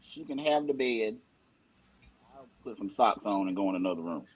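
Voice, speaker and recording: A woman's voice: rumbling low, expressive, moderate pace, breathy edge, dull audio. A woman panelist on a live chat with dry, wisecracking answers.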